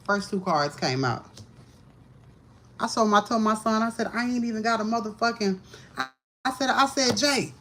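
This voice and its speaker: A woman's voice: fairly high pitch, normal speed, long pauses, fairly bright tone, slight background noise. Profane, ranting woman tarot reader. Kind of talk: live-streamed tarot reading. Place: home.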